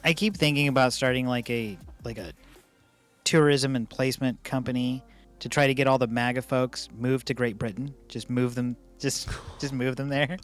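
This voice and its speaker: A man's voice: mid-range voice, fairly even intonation, moderate pace, faint music behind. A man co-hosting a podcast in casual chat, joking and mocking, laughing often between lines. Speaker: podcast co-host.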